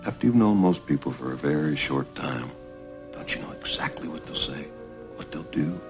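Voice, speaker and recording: A smooth, very deep-voiced surgeon. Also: male voice, expressive, normal speed. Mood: flirtatious. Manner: smooth, flirtatious, witty. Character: charming male plastic surgeon, smooth, unpredictable. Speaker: plastic surgeon. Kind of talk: TV film drama acting. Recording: muffled film audio with music.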